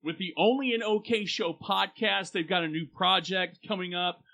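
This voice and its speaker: Man playing a late-night radio DJ, upbeat, punchy patter, bright tone, mock radio announcement. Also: high voice, fairly even intonation, normal speed, vocal fry, pitched above the performer's own voice, full character voice.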